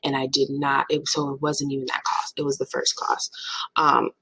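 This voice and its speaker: A young woman in her twenties telling a storytime in casual chat, animated and dramatic. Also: moderate pace, breathy edge, no room sound, low-quality recording. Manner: animated, dramatic, swings into playful high voices for quotes. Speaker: vlogger.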